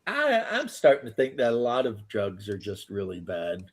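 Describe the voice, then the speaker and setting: A man's voice: on the low side, huge pitch swings, moderate pace, husky. A man hosting a casual live chat, laid-back, swearing freely and laughing often. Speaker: host.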